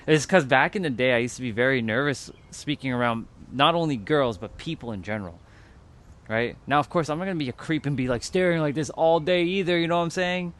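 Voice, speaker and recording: A man's voice: mid-range voice, normal speed, fairly bright tone. A man hosting a livestream, talking to his chat in a loose, rambling way, with lots of fillers and casual swearing. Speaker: livestream host.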